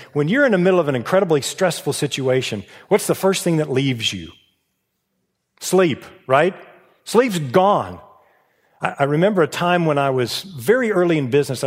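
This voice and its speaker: A man of around fifty, a pastor telling stories in a sermon, earnest and often dropping to a hushed, soft delivery. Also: fairly high pitch, animated, a little fast. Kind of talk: storytelling sermon. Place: church sanctuary. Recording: long reverb of a large church hall.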